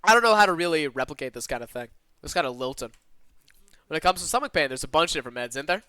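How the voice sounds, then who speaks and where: Lively streamer with a slight Southern twang. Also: male voice, on the high side, clean tone, dry recording. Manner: animated and expressive, with quick asides to chat. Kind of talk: reading a visual novel aloud with live asides. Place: alone in his own room.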